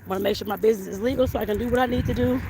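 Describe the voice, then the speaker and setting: Her voice is a little high, steady and very fast as this Arizona vlogger walks a hot, sunny street, slightly breathless. She rambles about her home baking and life coaching business, often saying "like I said" and "I guess I put it that way," while street and wind noise roar in the background.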